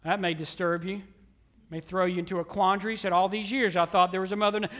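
Emphatic preaching man, high and bright. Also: fairly even intonation, a little fast. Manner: emphatic preaching that swings from loud declarations to hushed near-whispers. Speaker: pastor. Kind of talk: sermon. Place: church sanctuary.

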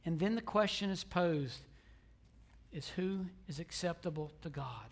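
A man preaching a sermon as pastor in a church, emphatic, swinging from loud declarations down to hushed, almost whispered lines. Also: sits high, measured pace. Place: church sanctuary.

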